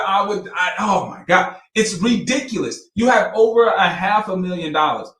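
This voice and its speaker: A man's voice: sits high, fairly bright tone. Incredulous laughing man in an echoey room. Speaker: financial advisor. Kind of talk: commentary on financial records. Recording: roomy echo.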